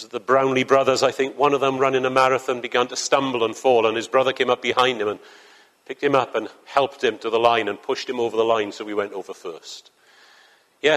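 A man's voice: mid-range voice, a bit bright. A man preaching a sermon to a congregation in church, earnest and building to fervent emphasis. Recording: long hall reverb.

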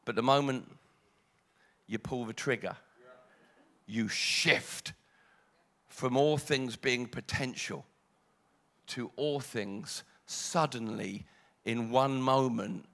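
Brief: a man doing a calm deity explaining patiently, low and quiet. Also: slow, creaky, long pauses. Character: God, calm instructive male deity.

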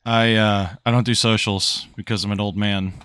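A man playing a tabletop game, talking in a deadpan, wry way. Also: fairly low pitch, moderate pace, clear, resonant tone, no echo. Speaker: player. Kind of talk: casual tabletop game chat.

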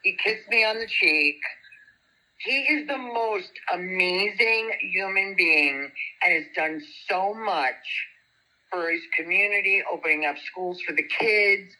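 A woman, a guest telling a story in animated, chatty talk. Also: on the low side, low-quality recording. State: single parent. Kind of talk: casual storytelling chat.

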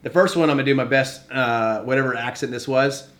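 Animated podcast host recapping scenes. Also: male voice, medium pitch, brisk. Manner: animated, acts out quoted lines while recapping. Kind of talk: casual movie-review podcast chat.

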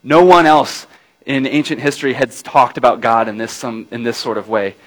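A man's voice: mid-range voice, fairly even intonation, normal speed, fairly bright tone, rough recording. A man preaching a sermon, retelling a scripture scene dramatically, dropping his voice to a near-murmur at tender moments and asking his listeners questions along the way. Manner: addresses listeners with tag questions.

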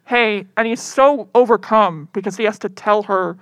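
A woman's voice: medium pitch, moderate pace, no room sound. A woman co-hosting a podcast, casually retelling a film's plot and acting out the characters' lines with playful energy. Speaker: podcast co-host. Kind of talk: casual chat recapping a film.

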